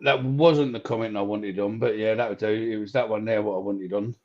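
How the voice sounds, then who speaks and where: A man's voice: on the low side, fairly even intonation, brisk, darkish tone, highs cut off. A man co-hosting a casual fan podcast, reading out notes, joking and swearing as he muddles up names.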